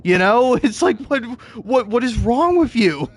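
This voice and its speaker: Young male streamer with a high voice; rambling, profane, laughing rants over gameplay. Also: very animated, a little slow. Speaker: video game streamer. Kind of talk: casual gameplay commentary.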